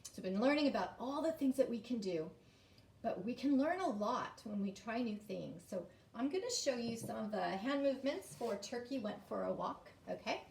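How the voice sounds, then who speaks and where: A woman teacher speaks to young children in an exaggerated sing-song voice, stretching out chants and questions. Her voice sits on the high side. She sounds a little distant from the mic, in a room with noticeable echo. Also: animated, moderate pace, creaky, a little mellow. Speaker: kindergarten teacher. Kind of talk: online lesson for young children. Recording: echoey room, voice a bit far from mic.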